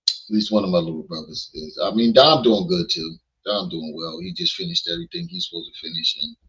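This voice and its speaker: A man's voice: low-pitched, fairly bright tone, highs cut off. A man hosting a casual livestream, joking and swearing as he talks to his chat. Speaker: livestream host. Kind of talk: casual commentary stream. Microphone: streaming mic.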